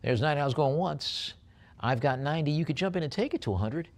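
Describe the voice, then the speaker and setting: An older man with a New York accent running a live auction, calling bids quickly and dropping joking asides between lots. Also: a little high, expressive, very noisy. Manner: chatty, joking asides between rapid bid calls.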